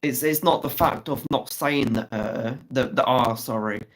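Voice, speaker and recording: Guy on a live stream, chatty, teasing, swears a lot, mid-pitched voice. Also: a little slow, rough recording. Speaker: livestream host. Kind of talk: casual live chat reading comments.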